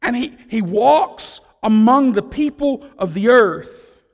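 A man preaching a sermon as pastor, swinging from loud declarations to hushed tones, with conversational asides to the congregation. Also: extremely high pitch, lively intonation, slow pace, creaky, in a large hall.

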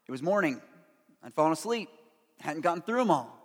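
High-voiced man preaching in a reverberant hall. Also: very animated, brisk. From Pittsburgh, USA. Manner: earnest, emotional storytelling with many fillers. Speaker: pastor. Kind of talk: sermon with personal story. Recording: long reverb of a large hall.

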